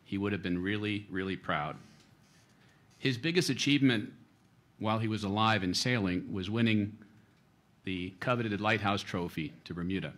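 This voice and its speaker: A man with a low voice gives a prepared tribute speech in honor of his late father. He speaks in a formal, measured way, choosing slightly grand words. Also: fairly bright tone.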